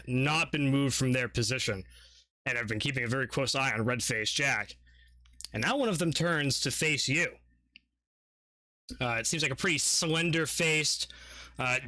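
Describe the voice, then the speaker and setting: A man's voice: mid-range voice, sharp tone, no room sound. A man narrating as dungeon master in a rambling, profane way, full of filler words and laughter. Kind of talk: narrating a tabletop game.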